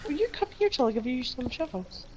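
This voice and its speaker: A woman with a fairly high voice trades teasing, exasperated banter during a gaming stream. Clear background noise runs under her voice. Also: very animated, brisk. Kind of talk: casual gaming chat.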